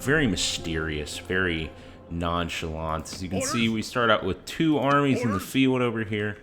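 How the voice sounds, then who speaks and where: Deep-voiced man narrating his gameplay. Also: normal speed, fairly bright tone, faint music behind. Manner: chatty, explains as he plays, many "uh" fillers. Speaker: gaming channel host. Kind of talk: casual game commentary.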